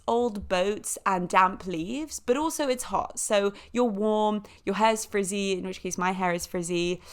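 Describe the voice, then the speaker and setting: A woman hosting a podcast, telling a story in a chatty, animated way with lots of fillers and small impressions of other people. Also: mid-range voice. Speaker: podcast host. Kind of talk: casual storytelling.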